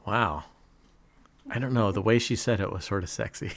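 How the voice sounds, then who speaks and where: A man's voice: lowish voice, normal speed, creaky, a bit bright. A middle-aged man giving casual, joking live commentary on his casino session, laughing often and cheering or groaning at each spin. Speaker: casino vlogger.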